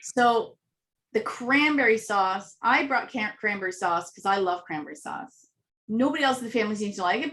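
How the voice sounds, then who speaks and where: A woman telling animated anecdotes as an interview guest, acting out little voices and laughing often. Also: medium pitch, normal speed. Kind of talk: casual storytelling interview.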